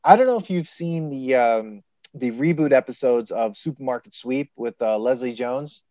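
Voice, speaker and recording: A man's voice: medium pitch, normal speed, no room sound, lo-fi sound. A young man co-hosting a podcast, telling stories with acted-out quotes in casual chat. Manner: animated storytelling with acted-out quotes. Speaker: podcast co-host.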